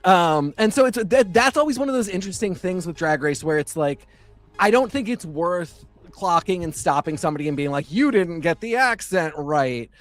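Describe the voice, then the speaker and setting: Chatty male co-host, slightly higher pitch, digressive delivery over faint music. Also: lively intonation, a little fast. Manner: chatty, digressive, many fillers. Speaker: podcast co-host. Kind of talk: casual chat.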